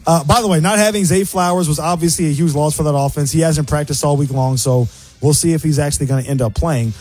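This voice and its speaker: Fast-talking husky male sports radio host. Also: on the high side, a little mellow, faint music behind. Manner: fast, opinionated game analysis.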